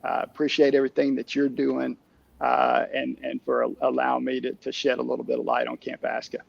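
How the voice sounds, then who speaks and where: A middle-aged man, a camp director, telling stories in a casual interview, halting with many restarts and fillers. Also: mid-range voice, completely flat delivery, creaky, no room sound, muffled recording.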